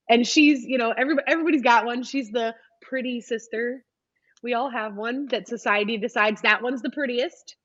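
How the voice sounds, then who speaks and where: A woman in her thirties telling a story in a casual, animated podcast interview with lots of ums. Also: fairly high pitch, normal speed, no echo, lo-fi sound. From United States. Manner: chatty, animated retelling with frequent ums. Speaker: podcast guest, photographer.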